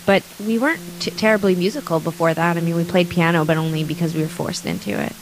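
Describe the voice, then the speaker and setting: Canadian woman musician, talks super fast, low-ish voice, jokey. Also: slight background noise, rough recording. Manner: quick, jokey, playful. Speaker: musician guest. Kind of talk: playful interview chat.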